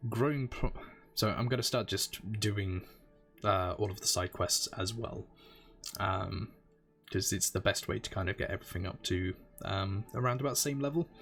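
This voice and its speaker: Male streamer, low voice, chatty rambling game commentary. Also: a bit bright. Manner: chatty, rambling, explains as he plays. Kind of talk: casual gameplay commentary.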